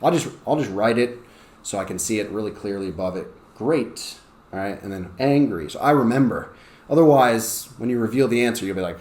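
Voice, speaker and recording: A man's voice: fairly low pitch, lively intonation, fairly quick, darkish tone. Casual man explaining a lesson, roomy sound. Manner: conversational, checks in with frequent "okay?". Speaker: ESL teacher. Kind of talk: explaining a lesson plan to teachers. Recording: roomy with faint background noise.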